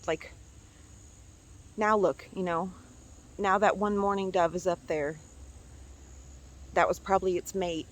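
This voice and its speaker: A woman's voice: lowish voice, fairly even intonation, measured pace, pauses often. A woman vlogging about something that upset her, angry and emotional, swearing and repeating herself, outside near her house. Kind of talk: emotional personal vlog.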